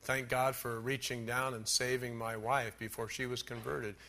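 A man preaching a sermon as a pastor, listing numbered points with emphasis, slowing on key words and dropping in dry asides. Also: medium pitch, level tone, bright, forceful tone.

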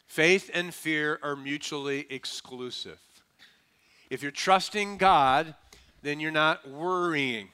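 Taking it slowly, this male pastor delivers an emphatic, folksy, funny sermon and urges the congregation to answer him. His voice is on the high side, bright, forceful, and smooth.

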